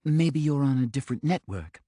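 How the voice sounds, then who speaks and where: A man voicing a brisk young English woman army officer in an audiobook, quick and direct. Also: medium pitch, lively intonation, mellow, husky, dry recording, clean studio sound, voice pushed up. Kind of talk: audiobook character voice.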